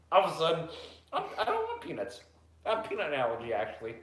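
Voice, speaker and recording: A man's voice: a little high, wildly swooping pitch, quick pace, fairly bright tone, reverberant, slight background noise. A young man in crude, joking casual banter as podcast co-host, sliding into silly voices. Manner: joking, profane, keeps slipping into voices.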